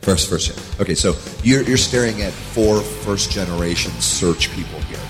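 A man's voice: low voice, moderate pace, over music. A man moderating a conference panel, asking wry follow-up questions.

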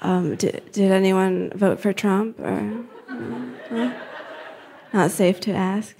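A young woman from New Jersey works through a stand-up set in a deadpan, halting way, leaning on fillers between lines. Her voice sits at an ordinary middle pitch for a woman. A faint noise hums under the recording. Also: vocal fry. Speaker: stand-up comedian.

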